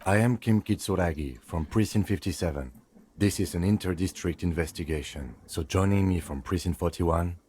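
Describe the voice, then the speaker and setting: A man playing a calm reserved police lieutenant. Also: deep voice, slight background noise, lightly acted. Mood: composed. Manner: measured, precise, reserved. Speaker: detective. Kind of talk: video game voice acting.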